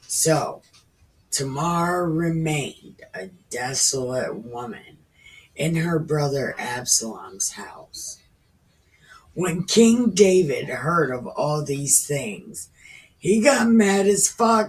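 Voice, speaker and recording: A woman in her thirties reading scripture at an unhurried pace and breaking in with crude, irreverent asides. She sounds set back from the microphone. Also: sits low, big pitch swings, darkish tone. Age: 30s. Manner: irreverent, profane, slangy paraphrase. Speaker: reader. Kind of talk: casual scripture reading with commentary. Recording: distant from the mic.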